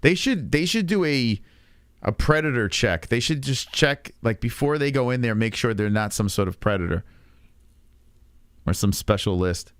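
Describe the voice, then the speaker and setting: Man in his thirties, reaction host, profane, sarcastic, rambling, middle pitch, dry sound. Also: expressive, moderate pace, smooth, no echo. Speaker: podcast host. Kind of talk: casual reaction commentary.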